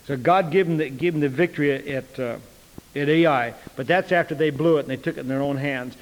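A man's voice: a little high, brisk, long reverb tail, slight background noise, poor audio. A man preaching a sermon in a folksy way, acting out the dialogue of the people in his stories. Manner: folksy, acts out dialogue with voices.

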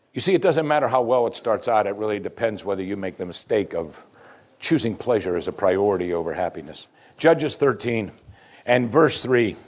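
A male pastor delivering a sermon with a husky edge to his voice. His pitch rises and falls in wide, lively sweeps. He preaches emphatically, moving between loud lines and hushed ones.

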